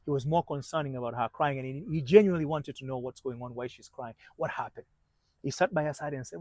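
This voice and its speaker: A man coaching on marriage, telling a story in halting sentences with many restarts and dropping to a hushed voice at tense moments. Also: medium pitch, no echo, poor audio. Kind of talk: motivational storytelling talk.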